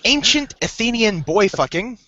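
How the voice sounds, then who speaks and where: Animated man on a dull call line. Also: high-pitched, moderate pace, no echo. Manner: joking, laughs often, rambles with restarts. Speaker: podcast co-host. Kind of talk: casual group chat over a card game.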